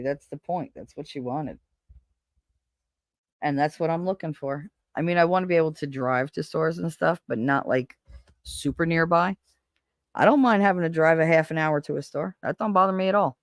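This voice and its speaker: A man's voice: on the high side, dry recording, studio quality. A man hosting a casual live stream, talking bluntly and animatedly with plenty of swearing. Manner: blunt, profane, animated storyteller. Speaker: livestream host. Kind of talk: casual chat to a live audience.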